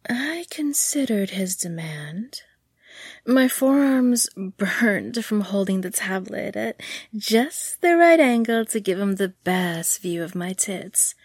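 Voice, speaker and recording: A woman narrates a story at a slow, lingering pace, her voice husky and breathy and often dropping into a whisper. The sound is dry and close, with no room around it. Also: medium pitch, animated, no echo. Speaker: author and narrator. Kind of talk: intimate audiobook narration.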